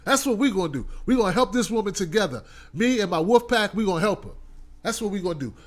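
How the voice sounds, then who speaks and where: Fast and animated, a high-voiced man hosts a live online talk show and calls out names from chat. His speech is informal, earnest, and repetitive as he works to rally his audience.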